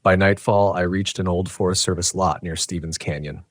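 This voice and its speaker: Deep-voiced guy reading a scary story, measured and tense, super dry sound. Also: steady tone, dry recording. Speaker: narrator. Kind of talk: scripted horror narration.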